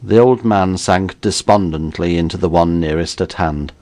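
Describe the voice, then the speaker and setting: A man reading an audiobook in a measured storytelling manner. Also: low-pitched, darkish tone. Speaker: narrator.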